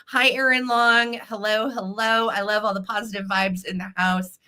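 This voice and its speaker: A woman's voice: mid-range voice, steady tone, normal speed, bright, forceful tone. A middle-aged woman hosting a live vintage sale stream, bubbly and chatty, greeting viewers by name.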